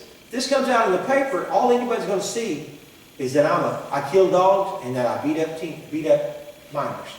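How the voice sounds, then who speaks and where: Folksy pastor in an echoey hall. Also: male voice, a little high, far from the mic. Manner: folksy, animated storytelling with quoted voices. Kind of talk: sermon storytelling. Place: church sanctuary.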